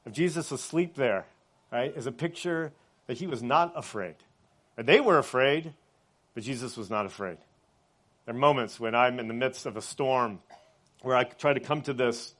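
A pastor with a slightly high voice preaches a sermon conversationally, often checking in with his listeners and frequently adding "right?" as a tag. On reflective points he drops soft and quiet.

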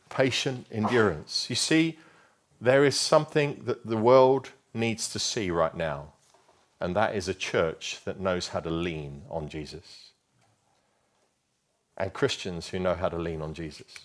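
Male preacher, low register, emphatic sermon delivery that drags out key lines. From England. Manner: emphatic, slows right down for key phrases.

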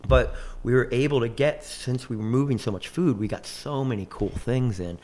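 A man's voice: mid-range voice, moderate pace, darkish tone. A man in his forties, a chef, telling long rambling stories in casual conversation, full of restarts and quoted dialogue.

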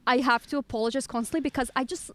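A woman working as a game developer, talking casually as a guest outdoors, chatty and quick to laugh, with many fillers and restarts. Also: high-pitched, fairly even intonation, fairly bright tone. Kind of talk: casual conversation.

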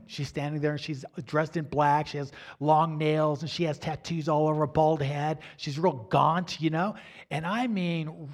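Animated man with a fairly high voice. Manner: animated storytelling, from hushed to near shouting; repeats phrases and says "you know" often. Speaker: Christian teacher. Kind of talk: telling a personal spiritual story in a teaching.

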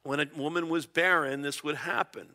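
A man's voice: fairly high pitch, fairly even intonation, normal speed, bright, forceful tone. A middle-aged man preaching a conversational Bible-teaching sermon, chuckling often and acting out small dialogues. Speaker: pastor.

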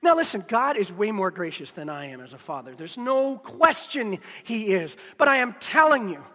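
Very high, bright-voiced impassioned pastor. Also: male voice, big pitch swings, moderate pace, long reverb tail. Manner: impassioned, swings from hushed near-whisper to loud shouts. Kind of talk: sermon.

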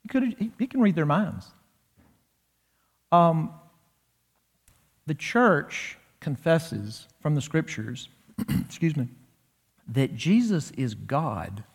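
Animated male preacher in a reverberant church. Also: a little high, gravelly, slightly rough. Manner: animated expository preaching, slows down for emphasis. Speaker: pastor. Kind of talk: sermon. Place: church sanctuary. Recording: long reverb of a church hall.

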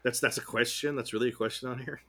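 A man's voice: medium pitch, fairly even intonation, fast, pushed and bright. A man co-hosting a podcast, joking around and reading trivia aloud in a casual, irreverent way. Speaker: podcast co-host. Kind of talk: casual chat.

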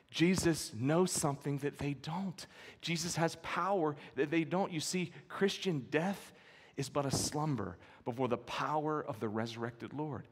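A pastor preaching an expository sermon, with an earnest, emphatic storytelling manner and key phrases repeated for weight. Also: male voice, fairly high pitch, normal speed. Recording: long hall reverb.

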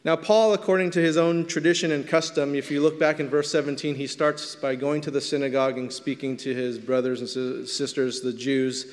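Pastor preaching in a reverberant hall. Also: male voice, medium pitch, steady tone, fairly quick, hardly any pauses. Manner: conversational teaching, stretches words for emphasis. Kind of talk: sermon.

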